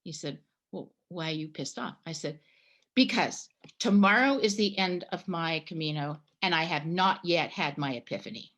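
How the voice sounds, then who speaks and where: Woman, middle-aged, guest in a conversation, personal story, acts out the dialogue, lowish pitch. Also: moderate pace. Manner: animated storyteller, acts out her own past dialogue.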